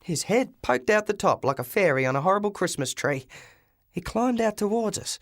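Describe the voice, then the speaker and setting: A man's voice: fairly high pitch, lively intonation, moderate pace, no echo, studio quality. Man reading a story with stumbling restarts. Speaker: audiobook reader. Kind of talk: scripted audiobook narration.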